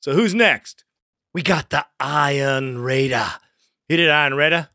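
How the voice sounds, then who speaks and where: A man's voice: a little high, measured pace, background noise. A man hosting a fan call-in sports show, hyped and profane, calling callers partner. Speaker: podcast host.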